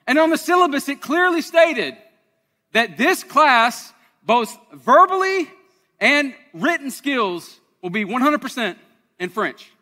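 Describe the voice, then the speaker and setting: A man's voice: very high-pitched, bright, forceful tone, in a large hall. A man, preaching a conversational, self-deprecating sermon to his congregation in a church. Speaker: pastor. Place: church sanctuary.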